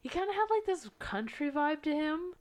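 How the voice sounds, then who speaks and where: A woman's voice: high voice, sing-song, normal speed. A woman co-hosting a podcast in casual chat, chatty and gushing about actors. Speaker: podcast co-host.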